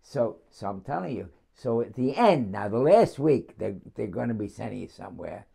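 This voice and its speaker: An older man from New City, telling his war memories in an oral history interview with frequent chuckles and halting restarts. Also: lowish voice, sing-song, gravelly, dark tone, breathy edge. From New York City.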